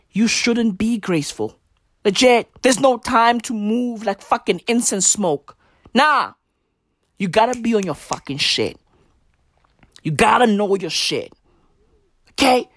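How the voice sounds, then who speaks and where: A woman's voice: fairly low pitch, dry recording, studio quality. A woman ranting in a brash, profane, slang-heavy comedic style. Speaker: comedic commentator.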